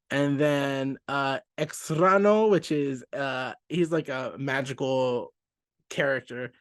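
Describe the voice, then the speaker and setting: A man's voice: medium pitch, moderate pace, no echo, studio quality. A man hosting a casual comic book review, talking in a chatty, self-interrupting way and laughing easily. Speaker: comic book podcast host.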